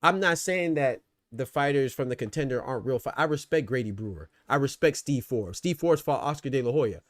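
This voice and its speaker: A man's voice: medium pitch, animated, a little fast, no echo, clean studio sound. A man hosting a casual livestream, arguing his points and answering chat, repeating phrases to press them home. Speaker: boxing talk show host.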